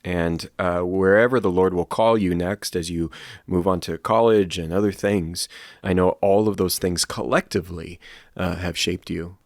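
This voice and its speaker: A man's voice: deep voice, steady tone, normal speed, no room sound, studio quality. A man hosting a school podcast, asking students questions in a friendly, loose way full of fillers. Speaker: podcast host. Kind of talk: casual podcast interview.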